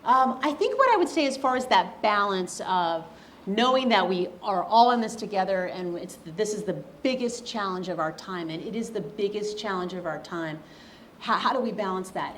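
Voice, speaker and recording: A woman speaks at a middle pitch, animated and chatty, answering questions after her lecture. The hall around her mic rings with echo, and a faint hum sits underneath. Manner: chatty, animated, laughs easily. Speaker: author and guest speaker. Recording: echoey hall.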